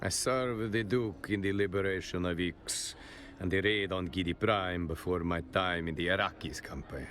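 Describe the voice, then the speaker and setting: An actor playing a male veteran soldier turned bouncer and wine steward in a video game, speaking with an Italian accent in a measured storytelling manner. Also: sits low, fairly bright tone. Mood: wry. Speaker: non-player character in a video game.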